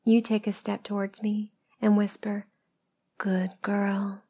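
A woman narrating a first-person story as a whispered role-play, in a slow, hushed storytelling manner. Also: mid-range voice, completely flat delivery. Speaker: erotic audio narrator.

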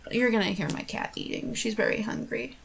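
A woman's voice: a little high, fairly even intonation, a little fast, gravelly, slight background noise. A young American woman doing a casual accent-tag video, giggling often between her answers. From United States. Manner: giggly, laughs between words. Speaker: vlogger.

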